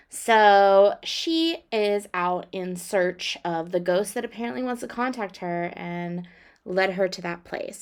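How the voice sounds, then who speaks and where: A woman's voice: medium pitch, creaky. A woman casually narrating a life-sim game with playful, sarcastic jokes. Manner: gets loud and excited. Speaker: let's play creator.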